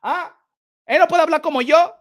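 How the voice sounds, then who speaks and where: Brash loud Puerto Rican New Yorker. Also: male voice, very high-pitched, a little fast. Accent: New York Puerto Rican. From Puerto Rico. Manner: loud, brash, boastful, switches into Spanish. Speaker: boxing channel host. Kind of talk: heated casual rant.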